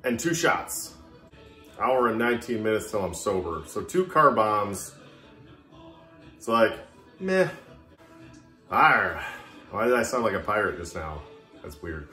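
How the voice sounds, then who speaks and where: A man's voice: on the low side, very animated, measured pace, long pauses, pushed and bright. A man vlogging casually to camera, chatty and self-mocking as he talks to himself. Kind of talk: casual drinking vlog. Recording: echoey room with music behind. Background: Irish music playing.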